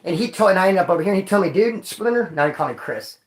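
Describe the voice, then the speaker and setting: A man from Bakersfield, California telling rowdy stories in casual street slang to his viewers, cursing and sometimes yelling. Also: sits high, racing. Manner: profane, animated street slang, bursts of yelling. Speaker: vlogger. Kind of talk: casual storytelling to a live chat. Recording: echoey room.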